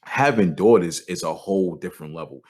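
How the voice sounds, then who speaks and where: A man's voice: low voice, brisk, darkish tone, breathy edge. A man speaks in a casual podcast monologue. He talks candidly and profanely, often restarting his sentences as he works out his thoughts. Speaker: podcast host.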